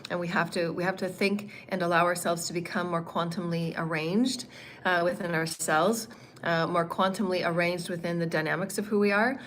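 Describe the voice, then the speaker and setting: Steady and fairly bright in tone, with a fairly low pitch, a woman leads a spiritual teaching over livestream. A faint hum of noise lingers, and her repetitive, meandering talk is dotted with ums in the pauses.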